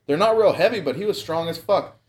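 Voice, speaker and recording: Here a young man with a high, somewhat mellow voice tells a lengthy, loosely wandering story a little fast. Profanity fills nearly every line, and he frequently bursts out laughing.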